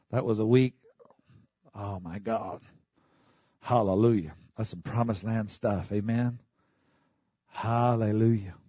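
A man preaching a sermon in a church, fervently, breaking into shouts and calling for the congregation to answer him. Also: on the low side, breathy edge, no echo. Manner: fervent preaching, bursts into shouts, call-and-response. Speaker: pastor.

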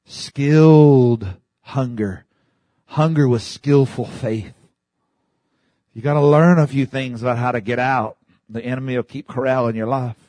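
A man's voice: mid-range voice, fairly even intonation, moderate pace, a little mellow, no room sound. A man preaching a sermon with fervent, emphatic delivery and repeated phrases.

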